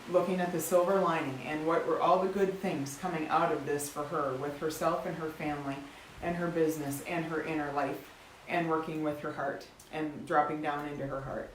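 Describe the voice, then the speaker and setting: A woman's voice: sits low, steady tone, normal speed, slight background noise. Earnest woman in an echoey room. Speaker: co-host, faith talk. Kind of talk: casual coaching talk.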